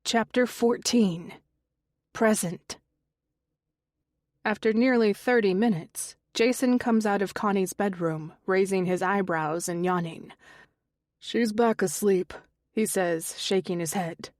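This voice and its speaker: A woman reading a first-person mystery audiobook in a measured, unhurried way. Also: medium pitch, no room sound, studio quality. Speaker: audiobook narrator.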